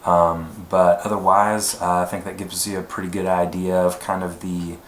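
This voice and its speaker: A male voice actor talking casually about his demo reel, relaxed, with many fillers. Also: deep voice, normal speed. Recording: echoey room, faint noise.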